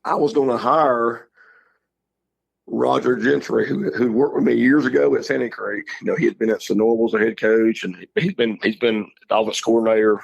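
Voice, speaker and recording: A middle-aged man, a high school football coach telling stories in a casual interview, rambling and restarting his words. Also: fairly even intonation, fairly quick, gravelly, lo-fi sound. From Georgia, USA.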